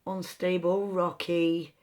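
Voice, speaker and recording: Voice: mid-range voice, level tone, slow, a little mellow. A rune reader giving a meandering, free-associating reading with chatty asides. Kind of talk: slow intuitive card-style reading.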